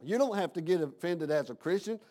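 A man's voice: fairly high pitch, animated, brisk, warm tone. A man preaching a sermon in a folksy, conversational way, asking his congregation questions.

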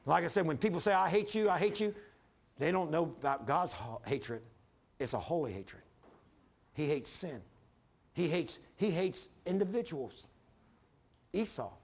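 Fervent preacher man, gravelly high voice. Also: big pitch swings, unhurried, long pauses. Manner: fervent, emphatic preaching that swings from loud to hushed; calls for congregation responses. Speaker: pastor. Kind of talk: sermon.

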